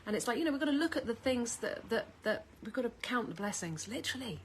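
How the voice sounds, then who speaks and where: A middle-aged woman, talking casually and at length to camera at home in a chatty, animated way. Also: on the high side, quick pace, slight background noise. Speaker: vlogger.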